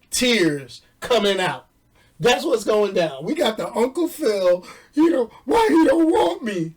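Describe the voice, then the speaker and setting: A New York man reviews a movie in a casual, animated chat, joking, laughing often, and using street slang. His voice is high and picked up by a distant mic.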